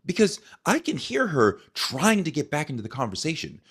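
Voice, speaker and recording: A man with a fairly high voice explains events in a measured storytelling manner. His pitch swings widely from phrase to phrase. He speaks as a talk show host recounting his side. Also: very animated, slightly rough. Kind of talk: explanatory video commentary.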